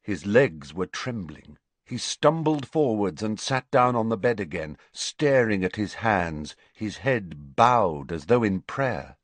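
A male audiobook narrator reads at an unhurried, deliberate pace in a low voice. His pitch still moves in lively swings. The recording is dry and close, with no room sound. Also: no room sound. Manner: even, deliberate storytelling delivery. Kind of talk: scripted narration.

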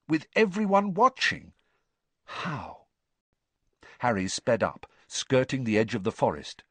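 A man reading an audiobook in a steady storytelling manner, stepping into character voices. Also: medium pitch, husky, no room sound. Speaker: narrator. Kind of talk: audiobook narration.

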